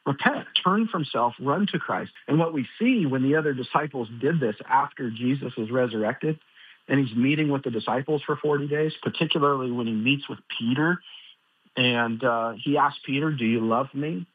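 Man, radio pastor, earnest Bible teaching, husky voice, dry phone-line sound. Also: medium pitch, moderate pace, dry recording. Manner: earnest, with many fillers and restarts. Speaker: radio show co-host, pastor. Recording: tinny phone-line audio.

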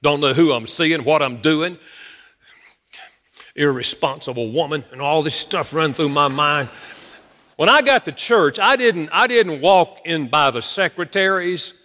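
Male pastor, sermon, animated storyteller, bright forceful voice, long hall reverb. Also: on the high side, a little slow. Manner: animated storytelling preacher, addresses congregation.

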